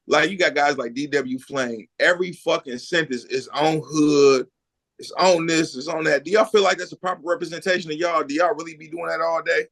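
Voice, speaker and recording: Podcast host guy, kinda higher voice, dry room, asks stuff straight out. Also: a little fast, creaky, a bit bright, dry recording. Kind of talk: casual interview.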